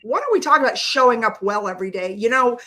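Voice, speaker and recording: A woman's voice: on the high side, animated, fast, pushed and bright. Enthusiastic woman hosting a live interview. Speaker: live stream host. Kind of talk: casual interview.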